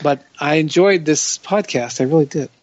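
Male podcast host, tired, halting, with a higher voice and dull, close sound. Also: no room sound. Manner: hesitant, many restarts. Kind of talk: casual podcast chat. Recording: slightly muffled dry audio.

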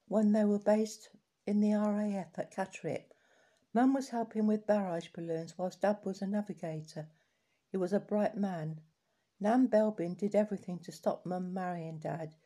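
Mellow-voiced woman reading memoirs aloud. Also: mid-range voice. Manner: steady, unhurried reading with small restarts. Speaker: reader of collected life stories.

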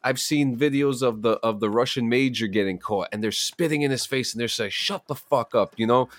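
A man's voice: medium pitch, fairly quick, no room sound. A man co-hosting a podcast, eagerly recounting clips and stories in casual chat. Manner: eager storyteller, relaying clips. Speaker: podcast co-host.

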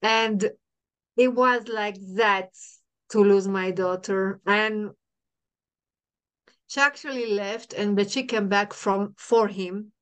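Middle-aged woman, podcast guest; smooth voice, halting restarts, repeats herself. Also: medium pitch, steady tone, fairly bright tone. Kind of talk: emotional personal storytelling.

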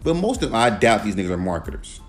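A man's voice: lowish voice, very animated, quick pace. A man hosts a solo podcast and rants in a loose, casual way. He is profane and emphatic, and he keeps slipping into mocking voices when he quotes other people. Faint music plays underneath him. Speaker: podcast host.

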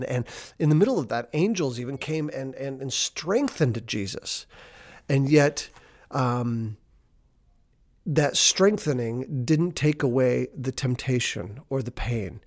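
Guy preaching, talks it through casual like he's riffing, slows way down on the big lines, medium voice. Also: medium pitch, lively intonation. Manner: conversational, unscripted, slows down for emphasis. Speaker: pastor. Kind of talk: sermon.

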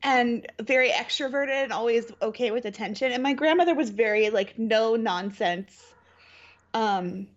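A woman's voice: fairly high pitch, moderate pace, muffled recording. A young woman co-hosting a podcast, casually telling a funny family story and acting out the people in it, often laughing. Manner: animated, laughs often, acts out quoted voices. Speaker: podcast co-host.

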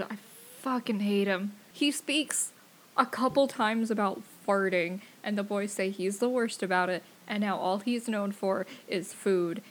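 A woman's voice: mid-range voice, measured pace. A woman co-hosting a podcast in casual banter, wry and sweary, with lots of "like.". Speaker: podcast co-host.

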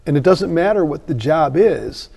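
Mellow-voiced male storyteller in his fifties. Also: on the high side, normal speed, vocal fry, slightly rough. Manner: animated storyteller, acts out voices. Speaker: guest sales trainer. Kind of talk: podcast interview storytelling.

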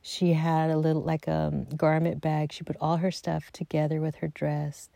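A middle-aged woman with a lowish, gravelly voice tells a family story in a relaxed, chatty way. She slips into the voices of the people she quotes and drops to soft asides. The recording is dry and close. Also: moderate pace, no room sound. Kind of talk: casual personal storytelling.

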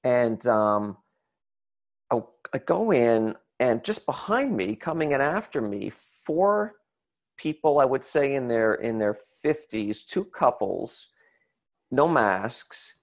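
A man telling a comic story to an audience, animated and acting out the people in it. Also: mid-range voice, slow pace. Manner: animated, acts out voices and shouts in the retelling. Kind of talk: comic anecdote told to an audience.

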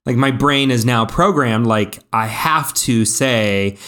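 A man's voice: mid-range voice, takes it slowly, few pauses, a bit bright. A man in his thirties co-hosting a podcast, with a mid-range voice. He tells stories in a loose, rambling way, full of likes and restarts. He sounds casual and chatty. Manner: rambling storyteller, many fillers and restarts. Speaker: podcast co-host. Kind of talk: casual chat.

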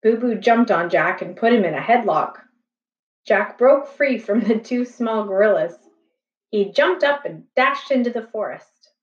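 Slow gentle woman reading a storybook. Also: medium pitch. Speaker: storybook reader. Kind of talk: reading a children's chapter book aloud. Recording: echoey room, distant, slightly dull.

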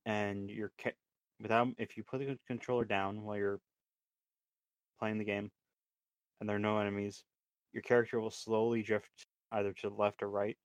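A man co-hosting a podcast in casual chat, with dry, terse, deadpan remarks. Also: fairly low pitch, normal speed, pauses often, clear, resonant tone, no room sound. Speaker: podcast co-host.

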